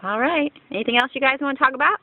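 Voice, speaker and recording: A woman filming her small children at home, asking slow, encouraging questions in coaxing baby talk. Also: high-pitched, slight background noise. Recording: tinny, phone-like home video.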